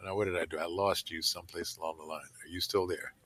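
Here is an older man on a call, spinning loose anecdotes for an interviewer with plenty of fillers, asides and laughter. His voice sits low and a bit bright, with fairly even intonation and a quick pace.

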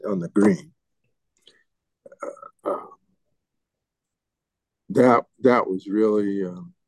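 An older man reminiscing as an interviewee, halting and often restarting and repeating his words. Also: lowish voice, warm tone, dry recording. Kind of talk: reminiscing storytelling.

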